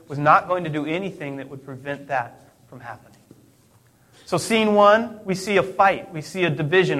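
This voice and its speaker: A man's voice: high-pitched, a bit bright. A middle-aged man preaching a sermon in a conversational way, asking rhetorical questions and correcting himself mid-sentence. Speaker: pastor.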